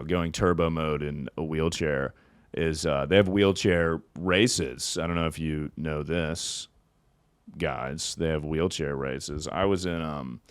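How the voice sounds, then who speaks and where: A young man hosting a comedy podcast, riffing casually and laughing often between loud bits and mumbled asides. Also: a bass voice, dry recording, studio quality. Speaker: podcast host.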